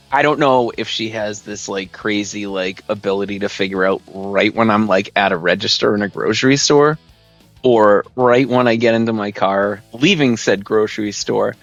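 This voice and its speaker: Male podcast host, mid-pitched voice, dry and slightly dull sound, rambles and laughs through stories. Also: a bit bright, no room sound. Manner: rambling, chuckles often, fillers like "man" and "dude". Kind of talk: casual live-stream storytelling.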